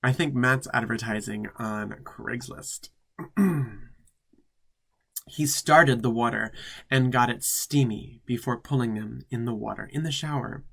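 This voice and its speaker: A man's voice: medium pitch, measured pace, vocal fry, a bit bright, slightly rough. Campy drag queen reading with sassy asides. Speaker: drag queen host reading fan fiction. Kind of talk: comedic reading with commentary.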